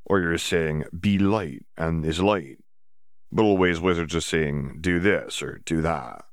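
Man voicing a house elf, male, humble and earnest, third-person speech, low gravelly tone, dry sound. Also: measured pace, dry recording. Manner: odd elf grammar, third-person self-reference.

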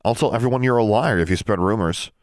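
A man's voice: on the low side, quick pace, no echo, clean studio sound, voice pushed up, lightly acted. A man voicing an earnest, slightly awkward teenage wizard boy.

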